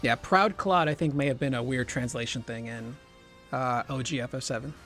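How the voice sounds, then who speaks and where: A young man hosting a gaming channel, chatting excitedly through a let's-play. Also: mid-range voice, moderate pace, faint music behind. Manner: chatty, excitable remarks on the fight. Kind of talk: casual let's-play commentary.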